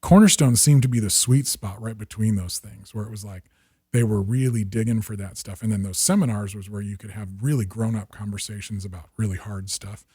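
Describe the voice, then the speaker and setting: A man in his fifties, a podcast guest, telling lively stories and acting out quoted dialogue with quick restarts. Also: on the low side, husky, dry recording, studio quality. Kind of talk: storytelling in conversation.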